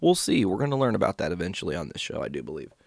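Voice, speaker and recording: Stoned, gravelly low-voiced man. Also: very animated, racing, darkish tone. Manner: rambling, laid-back, swearing. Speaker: podcast host. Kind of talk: casual storytelling monologue.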